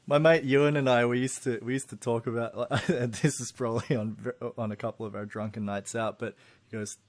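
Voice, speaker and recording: A man's voice: medium pitch, steady tone, brisk. A man co-hosting a podcast, chatting casually about a film, laughing often and restarting his sentences. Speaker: podcast co-host. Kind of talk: casual film review chat.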